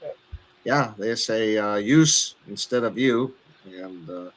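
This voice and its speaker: A man's voice: lowish voice, a little slow, low-quality recording. A man in his sixties with a Wisconsin accent, calling in and chatting in an easygoing, plainspoken way. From southern Wisconsin. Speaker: caller. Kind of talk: casual chat.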